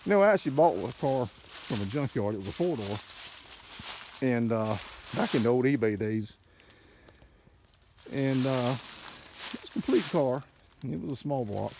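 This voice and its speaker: Older man, car dealer, excited and folksy, camera-mic sound, faint background noise. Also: mid-range voice, normal speed, pauses often. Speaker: classic car dealer showing a car. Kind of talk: casual walkaround narration. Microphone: handheld camera mic.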